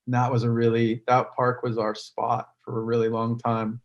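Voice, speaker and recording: A man's voice: mid-range voice, completely flat delivery, moderate pace, dull audio. A man chatting casually on a video call, rambling with many ums and likes. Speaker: musician guest on fan call. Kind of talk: casual chat.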